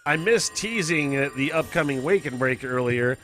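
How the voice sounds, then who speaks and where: A man's voice: medium pitch, lively intonation, moderate pace, pushed and bright, faint music behind. A man hosting a radio show, chatting casually and rambling with lots of fillers. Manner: rambling, laughs easily, many "uh" fillers.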